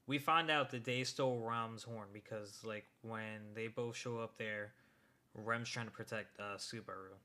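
A young man chats loosely with a friend about an episode he just watched. His voice is bright and forceful. He swears and climbs high when he gets worked up. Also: unhurried. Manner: excitable, swears, rises sharply when worked up. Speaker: podcast co-host. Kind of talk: casual chat recapping an anime episode.

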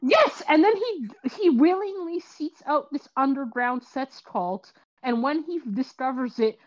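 Podcast host, woman, lively storyteller, slightly muffled audio. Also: sits high, a little slow. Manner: animated storytelling, acts out quotes, many fillers. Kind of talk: casual chat about films.

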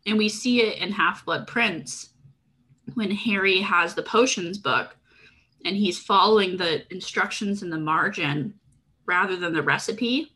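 A woman's voice: medium pitch, a little slow, bright, forceful tone, slightly rough. A woman co-hosting a podcast, talking through a book in a casual, thoughtful and analytical way. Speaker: podcast co-host.

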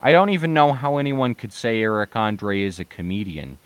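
A young man with a fairly low voice rants in a mock-serious comedic way, heavy on swearing and sarcasm. His opinions come out blunt and certain. The recording is dry and close, with no room sound. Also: big pitch swings, moderate pace, smooth, no echo.

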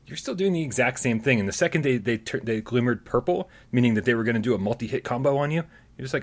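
A man's voice: medium pitch, lively intonation, quick pace. A man co-hosting a casual gaming news show, joking, laughing often and talking loosely with many fillers. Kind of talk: casual chat.

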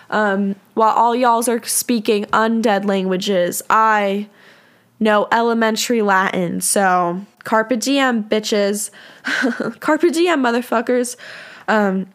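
A young woman from San Diego, California, telling a story on her podcast in an animated, profane, self-deprecating way. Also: medium pitch. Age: young adult. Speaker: podcast host. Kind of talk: casual storytelling monologue.

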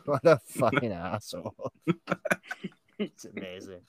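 A man's voice: fairly low pitch, animated, a little slow, no room sound. A man co-hosting a comedy podcast, chatting casually, laughing often and swearing as he tells stories. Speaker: podcast co-host.

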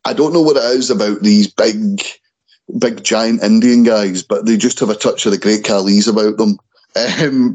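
Co-host, male, low register, loose chatty delivery that trips over names. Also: darkish tone, poor audio. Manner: stumbles and restarts over names. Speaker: wrestling podcast co-host. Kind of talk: casual chat.

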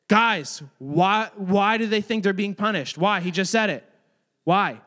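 A man's voice: high-pitched, a little slow, sharp tone. A man speaking as a youth pastor, giving a casual, joking sermon to kids and often saying "like". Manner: chatty, joking, many filler "like"s; addresses and manages kids in the room. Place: youth group room with children.

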